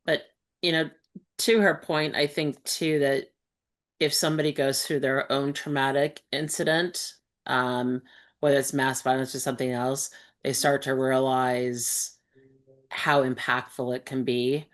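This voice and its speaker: A woman's voice: a bass voice, level tone, unhurried. A woman hosting a support group discussion, speaking in a reflective, thoughtful way with frequent fillers. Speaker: host and support group facilitator.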